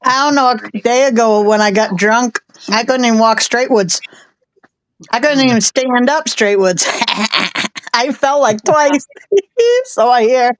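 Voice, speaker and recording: A woman's voice: on the high side, measured pace, no room sound, low-quality recording. A woman chatting casually on a live stream, joking bluntly and laughing often. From Italian-American. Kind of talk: casual chat.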